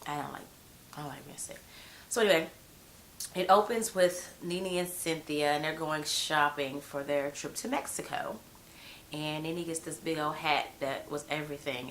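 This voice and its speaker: A woman's voice: deep voice, a bit bright, slight background noise. A woman with a head cold giving a blunt, slangy, gossipy recap of a TV episode in casual chat. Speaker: TV show reviewer.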